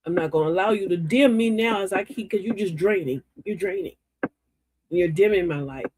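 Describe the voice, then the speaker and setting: Older lady hosting a live stream, preachy and folksy, talking to the chat, husky-ish voice. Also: medium pitch, moderate pace, a little mellow. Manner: folksy, preachy, talks straight to chat viewers. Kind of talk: inspirational live-stream talk.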